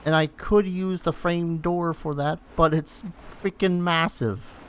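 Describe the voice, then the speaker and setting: A man's voice: on the high side, fairly even intonation, a little slow, a little hiss or hum. A man streaming a game, giving casual commentary and muttering to himself with self-teasing remarks.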